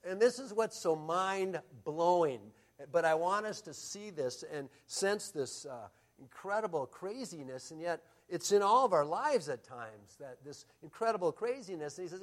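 A middle-aged man pastor preaching a sermon, telling stories and moving between loud emphasis and quiet asides. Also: sits high, expressive, measured pace.

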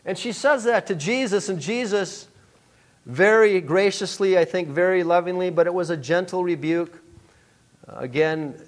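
A man preaching a sermon to a congregation, earnest and emphatic, often pausing with "uh". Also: sits high. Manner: earnest, emphatic, many "uh" fillers. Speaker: pastor.

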